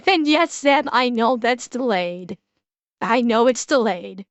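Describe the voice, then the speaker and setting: A woman streamer giving casual reaction commentary, excitable, swearing freely and laughing often. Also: on the high side, very slow, long pauses, no room sound.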